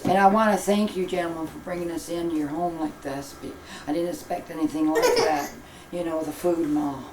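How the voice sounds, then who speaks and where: A woman's voice: fairly low pitch, fairly even intonation, brisk, echoey room, heavy background noise, lightly acted. An older actress playing a rambling, folksy homeless grandmother caring for a baby, hesitant and talkative.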